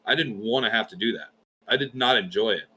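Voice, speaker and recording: Bright-voiced Southern man telling stories. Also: fairly low pitch, quick pace, a little hiss or hum. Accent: light Southern US. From Georgia, US. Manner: storytelling, precise enunciation. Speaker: podcast guest. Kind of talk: casual chat.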